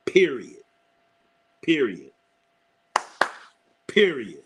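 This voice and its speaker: A man's voice: fairly high pitch, animated, unhurried, pauses often, bright, forceful tone. A middle-aged man hosting a live sports stream, rambling and cursing, repeating phrases and laughing often as he reads chat.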